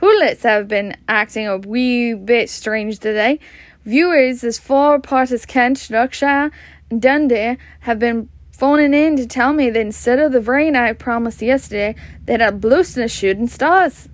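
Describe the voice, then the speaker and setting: A chatty, folksy TV weatherman from a storybook, as a woman reading aloud puts him on. He talks in a relaxed Scottish way, slow and fairly high. The sound is dry and close. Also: dry recording, close to an everyday voice. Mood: jovial.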